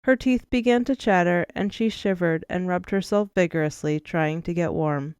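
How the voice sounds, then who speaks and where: Woman reading a novel aloud, lowish smooth voice, measured pace, dry close mic. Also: no echo. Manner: measured, expressive storytelling. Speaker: audiobook narrator. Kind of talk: scripted narration.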